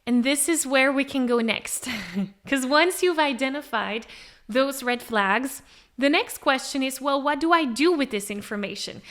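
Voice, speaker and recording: A woman vocal coach giving a podcast lesson to singers, lively and acting out a singer's thoughts aloud. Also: sits high, normal speed. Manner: animated, acts out a singer thinking aloud. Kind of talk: podcast teaching monologue.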